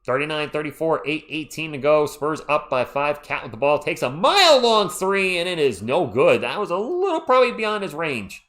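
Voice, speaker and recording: A man calls a basketball game live for a stream audience, rooting openly for one side and breaking off to greet people in the chat. His voice sits a little high and jumps up sharply when a big play happens. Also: a little fast, hardly any pauses. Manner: excitable, fan-biased, chatty with viewers. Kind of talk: live play-by-play commentary with chat shout-outs.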